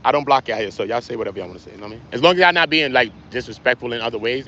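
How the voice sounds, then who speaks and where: A man hosting a casual livestream, talking straight to his chat in slangy, animated speech. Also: mid-range voice, very fast, few pauses, lo-fi sound, a little hiss or hum. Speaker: livestream host.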